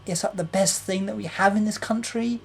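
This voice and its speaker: A woman's voice: mid-range voice, steady tone, a little fast, gravelly, a little hiss or hum. A young woman ranting to camera, exasperated and repetitive, with some swearing. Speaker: vlogger. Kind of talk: political rant to camera.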